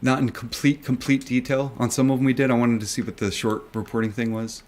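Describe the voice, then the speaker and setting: A man's voice: medium pitch, level tone, a little fast, a little mellow. A man ranting emphatically to his viewers. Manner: emphatic and repetitive, swears often. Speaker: retail stock investor vlogger. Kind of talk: ranting video commentary.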